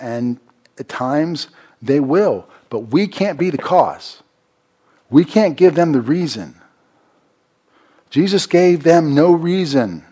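A man preaching a sermon, repeating phrases for emphasis and swinging from loud, raised lines to quiet, low asides. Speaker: pastor.

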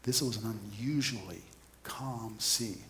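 A man's voice: fairly low pitch, measured pace, pushed and bright, slight background noise. Male preacher, conversational sermon, storyteller who questions his listeners.

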